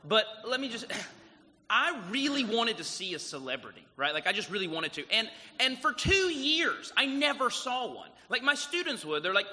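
A man with a South Carolina accent preaches a sermon in a casual, chatty way, full of "like" and "um" as he tells stories. His voice is very bright and sits a little high. The sound has a long, echoing reverb, as if from a big church hall. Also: moderate pace. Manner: casual, animated storytelling with lots of "like" and "um". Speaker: guest pastor.

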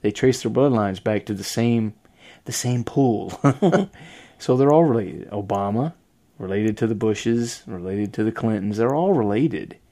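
A man's voice: on the low side, mellow. A man hosting a casual podcast chat, rambling, trailing off and laughing often. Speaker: podcast host.

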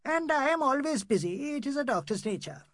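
A man puts on a fussy older doctor with a high-pitched voice that swings up and down as he frets. His English is clipped and broken, and he turns indignant at the slightest accusation. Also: animated, fairly quick, a bit bright, no room sound, studio quality. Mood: guarded.

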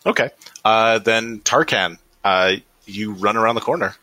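A man's voice: lowish voice, unhurried, sharp tone, no room sound. A man narrating as game master of a tabletop game, hesitant and full of fillers.

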